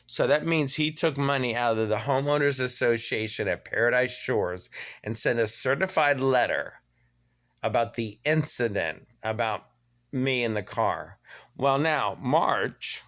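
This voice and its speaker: A man in his fifties tells a grievance story straight to camera, his voice sitting at an ordinary middle pitch. He swears freely and grows more worked up as he acts out both sides of the quarrel. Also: expressive, unhurried, a bit bright. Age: 50s. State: limping, needs knee replaced. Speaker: vlogger. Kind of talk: angry personal rant.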